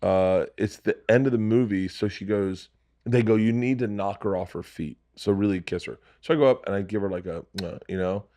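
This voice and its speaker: A middle-aged man with a fairly low voice tells a story in a casual podcast chat. He is crude and animated, and he slips into other people's voices as he goes. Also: a little fast. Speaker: podcast guest.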